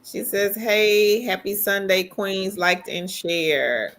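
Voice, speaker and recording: A woman's voice: mid-range voice, slow pace, a bit bright. A woman co-hosting a casual livestream, chatty as she greets viewers and reads their comments aloud. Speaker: livestream co-host. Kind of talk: casual live chat.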